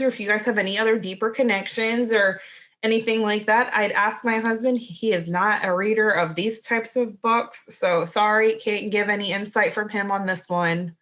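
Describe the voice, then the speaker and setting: A woman's voice: fairly high pitch, a bit bright. A woman co-hosting a podcast in casual chat, talking in a chatty way with lots of "like" and restarts. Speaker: podcast co-host.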